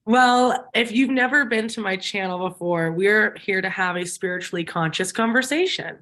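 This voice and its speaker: A woman hosts a relaxed spiritual talk. She chats loosely and thinks out loud, with plenty of fillers and soft giggles. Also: medium pitch, normal speed, slight background noise. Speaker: host. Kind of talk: casual spiritual chat.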